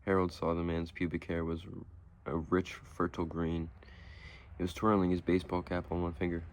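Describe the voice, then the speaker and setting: Male narrator, low voice, steady audiobook reading of a short story. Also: moderate pace.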